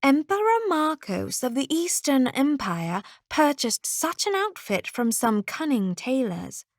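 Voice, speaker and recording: Brief: woman voicing a princess who lectures like a teacher, for a storybook, lively delivery. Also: high-pitched, a little slow, no room sound, clean studio sound, pitched above the performer's own voice, heavily acted. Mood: lecturing.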